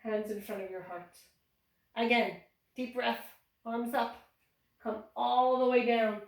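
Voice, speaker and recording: A woman's voice: fairly high pitch, steady tone, slow pace. A woman teaching a cheerful yoga class for young children, giving encouraging step-by-step instructions. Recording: echoey room, voice from a distance.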